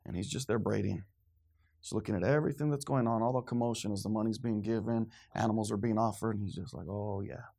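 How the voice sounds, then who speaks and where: A man preaches a dramatic, animated sermon, acting out scenes and swinging between quiet, low stretches and shouted ones. His voice is gravelly and fast.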